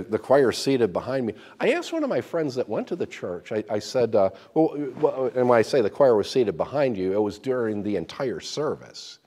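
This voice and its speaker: A man preaching a sermon, explaining scripture with folksy stories, full of restarts and repeated words. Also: mid-range voice. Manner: animated storytelling with repeated restarts.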